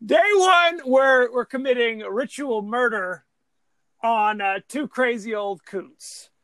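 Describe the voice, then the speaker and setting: Bright high-pitched man recapping a plot. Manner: enthusiastic plot recapping, quick agreements. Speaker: podcast co-host. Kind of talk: casual movie discussion.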